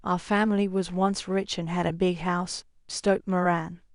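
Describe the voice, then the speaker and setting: A woman's voice: on the low side, little pitch movement, measured pace, no echo. A woman voicing a frightened young woman who pleads anxiously for help in an audiobook story. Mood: worried.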